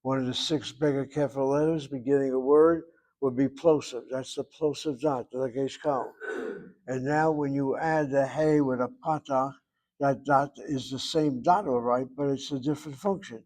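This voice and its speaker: A man's voice: medium pitch, fairly even intonation, moderate pace, a little mellow. Patient male Hebrew teacher, methodical. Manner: patient, methodical, repeats words for drill. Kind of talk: grammar lesson explanation.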